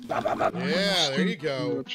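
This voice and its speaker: A host coaching a player through a video game with encouraging, animated commentary. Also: mid-range voice, extremely slow, loud music behind the voice. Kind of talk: casual let's play commentary.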